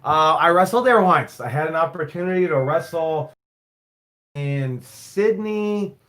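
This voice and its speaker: A man's voice: a little high, animated, a little slow, fairly bright tone. A man who owns and coaches a wrestling school, answering viewer questions in a casual live stream, rambling, repeating himself and swearing now and then.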